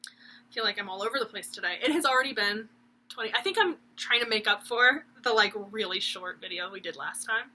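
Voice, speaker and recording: A woman's voice: medium pitch, a little fast, sharp tone, poor audio. A young woman, chatting casually and rambling with giggles about her stitching projects at home. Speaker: cross-stitch vlogger. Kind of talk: casual chat.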